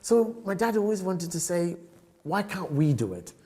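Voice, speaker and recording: An older man from South Africa, a photographer telling stories as a podcast guest, lively and often laughing. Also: high-pitched, normal speed. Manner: animated, acts out other people's voices, laughs often. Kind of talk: storytelling podcast interview.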